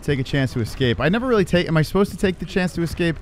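A man giving live commentary on his own gameplay, swearing and reacting in excitable panic. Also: fairly high pitch, very fast, a little hiss or hum. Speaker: streamer.

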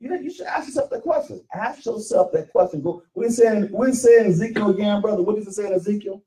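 A man teaching scripture in call-and-response, pressing his listeners with repeated questions. His pitch swings widely as he drives each point home. He is picked up from across the room. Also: expressive, fast, dark tone, far from the mic, low-quality recording. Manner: emphatic, questioning, repeats phrases. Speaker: teacher leading Bible study.

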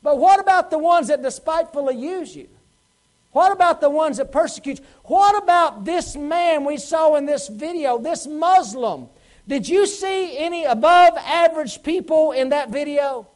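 A man's voice: very high-pitched, expressive, normal speed, low-quality recording. A man preaching a Sunday sermon as pastor, asking the congregation pointed questions and acting out quotes. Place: church sanctuary.

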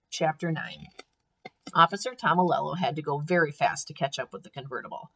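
A woman teacher reading a storybook aloud to young children, with expressive, clear storytelling. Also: deep voice, brisk.

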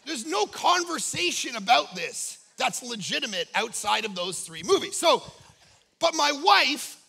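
Animated high-voiced gravelly male preacher. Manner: animated, jokey, acts out quoted voices. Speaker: pastor. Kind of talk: humorous sermon storytelling.

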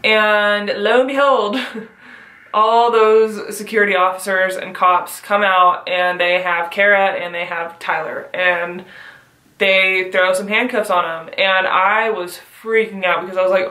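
A woman's voice: medium pitch, fairly even intonation, unhurried, sharp tone, roomy sound, low-quality recording. A young woman vlogger casually telling a wild personal story, swearing often and laughing through it. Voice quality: frequent swearing.

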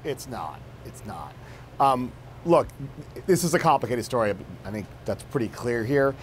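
A man's voice: medium pitch, very animated, moderate pace, a little hiss or hum. A man, a national security correspondent, explaining his reporting as a news interview guest, with fillers and restarts.

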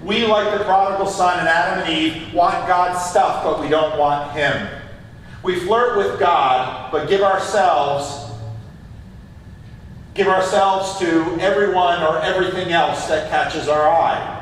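A man's voice: sits high, slow pace, slight background noise. A man preaching a sermon as pastor, asking his listeners rhetorical questions. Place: church sanctuary. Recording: echoey church hall from far off.

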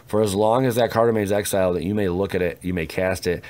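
A man's voice: deep voice, fast talker. A man making a casual, jokey video of opening trading card packs, rambling with teasing asides. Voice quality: lively, swooping delivery. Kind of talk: casual pack-opening commentary.

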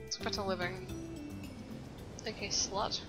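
A young woman giving casual, profane let's-play commentary, reacting loudly and insulting her own game character. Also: mid-range voice, fairly even intonation, slow pace, music in the background. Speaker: gameplay commentator.

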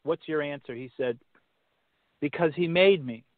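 A man on a podcast telling a faith story casually, halting and restarting, turning preachy when he quotes scripture. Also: fairly high pitch, dry recording. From Massachusetts. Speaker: podcast guest. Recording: tinny phone-line sound, dry.

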